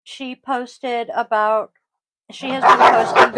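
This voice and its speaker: A yoga teacher hosting a casual podcast chats and rambles, with frequent ums and throat-clearing, in a high-leaning voice with lively intonation at a measured pace. She's recorded at home on a close mic, with heavy background noise.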